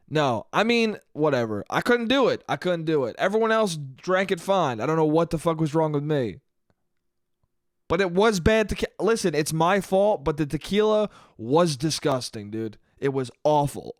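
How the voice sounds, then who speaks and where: A man's voice: on the high side, a little fast, dry recording, clean studio sound. A man hosting his own podcast, telling a comic story alone, with lots of swearing and self-mockery. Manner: profane, animated, self-mocking. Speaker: podcast host. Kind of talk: solo comedic storytelling monologue.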